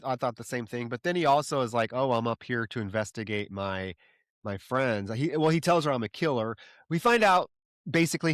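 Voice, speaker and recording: A man's voice: lowish voice, fairly bright tone, dry recording. A man co-hosting a horror movie podcast, rambling through a plot recap and tossing off the characters' lines. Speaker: podcast co-host.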